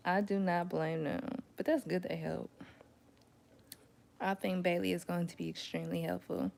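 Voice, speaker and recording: A woman's voice: on the low side, animated, moderate pace, gravelly, a little mellow. A young woman chatting casually as a mom, telling stories with slangy asides and frequent laughter. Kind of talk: casual chat.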